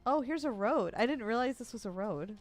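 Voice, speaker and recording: A woman's voice: fairly high pitch, lively intonation, a little fast, faint music behind. A woman streamer giving playful, chatty commentary while playing a video game. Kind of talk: casual gameplay commentary.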